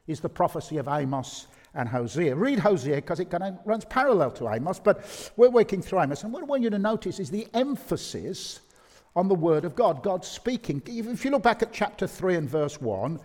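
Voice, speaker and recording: A man's voice: high voice, sing-song, brisk, a little mellow. A man preaching an evening sermon, emphatic and repeating key phrases for effect. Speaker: pastor. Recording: long reverb of a large hall.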